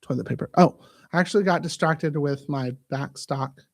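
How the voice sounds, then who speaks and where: A man hosting a casual live-stream chat, jokey and animated and given to breaking into silly voices. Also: fairly high pitch, normal speed. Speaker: host.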